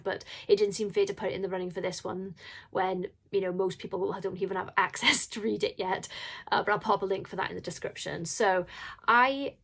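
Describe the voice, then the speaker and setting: Emotional, rambling woman book vlogger. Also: medium pitch. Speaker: indie horror author and book vlogger. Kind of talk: casual vlog talk.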